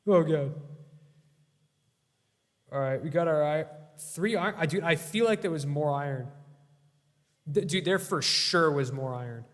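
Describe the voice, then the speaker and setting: A man's voice: fairly high pitch, a little slow, long pauses. A young man streaming a game, giving casual gameplay commentary, yelping in alarm and bantering with his chat. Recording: long reverb.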